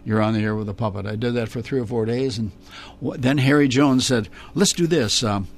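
An older man with a gravelly voice tells stories from his years in live children's television. He slips into put-on voices and laughs as he goes. His words sit over a faint hum of background noise. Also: medium pitch, fairly quick. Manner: animated storyteller, slips into character voices and laughs often. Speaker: interview guest, former children's TV performer. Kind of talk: reminiscing interview.

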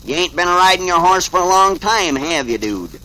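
A man's voice: high voice, lively intonation, moderate pace, bright, forceful tone, pitched above the performer's own voice, poor audio. A man reading as a folksy old cowboy.

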